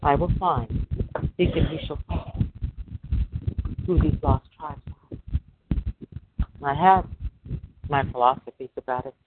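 A man's voice: on the high side, slow, long pauses, background noise. Preachy man on a tinny line. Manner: preachy, firing off rhetorical questions. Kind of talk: religious prophecy monologue. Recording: dry, tinny phone-line sound.

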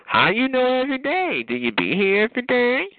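A man's voice: very high-pitched, wildly swooping pitch, fairly quick. A man hosting a radio call-in show, taunting callers in a camp, profane, mocking way and calling them honey and child. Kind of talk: sassy call-in banter. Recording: tinny phone-line radio audio with faint hiss.

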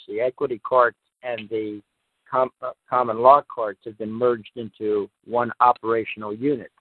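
A man hosts a call-in show and answers questions haltingly, restarting his sentences. His voice sounds tinny and narrow, as if on a phone line. The sound is dry. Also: mid-range voice, no echo. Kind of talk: call-in radio talk.

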